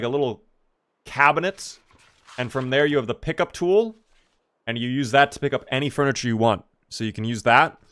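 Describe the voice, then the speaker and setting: A man's voice: medium pitch, fairly bright tone, clean tone. Chatty man streaming a game. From Maryland, US East Coast. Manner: chatty, answers chat questions while playing. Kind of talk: casual live-stream chat.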